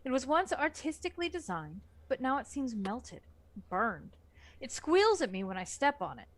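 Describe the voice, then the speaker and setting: Woman reading aloud with lively pitch. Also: moderate pace, no room sound. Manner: expressive narration with lively swings. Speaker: book club reader.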